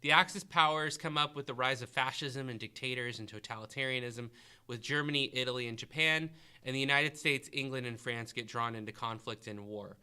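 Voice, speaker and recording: A man's voice: medium pitch, fairly quick, pushed and bright, clear, resonant tone. A man hosting a history review podcast, asking a student questions and encouraging the answers. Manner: questioning, encouraging, thinking aloud. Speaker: history teacher and podcast host.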